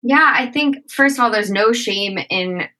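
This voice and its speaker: A woman's voice: a little high, expressive, measured pace, sharp tone, rough recording. A woman as a podcast guest, talking reflectively in a casual interview and often saying "like" and "you know".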